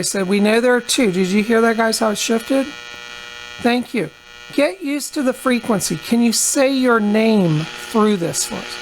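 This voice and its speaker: A woman with a slightly high voice acts as a psychic medium, leading a radio seance. She coaxes and questions unseen presences, repeating her prompts patiently. A clear electrical mains hum and static run beneath her voice throughout.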